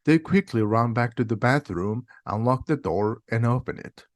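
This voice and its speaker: A man narrating a simplified audiobook in a slow, plain, steady reading. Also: medium pitch, no echo, studio quality. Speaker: reader.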